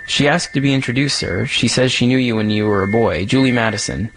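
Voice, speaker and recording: A man voicing an elderly, formal male butler who speaks gently and deferentially. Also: mid-range voice, a little fast, background noise, close to an everyday voice. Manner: polite, deferential. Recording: music playing underneath.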